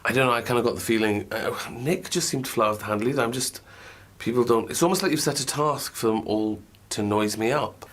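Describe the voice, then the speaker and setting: A man giving a diary room confession in a hesitant, halting way. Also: mid-range voice, fairly bright tone. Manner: hesitant, halting speech with fillers. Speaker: reality show contestant.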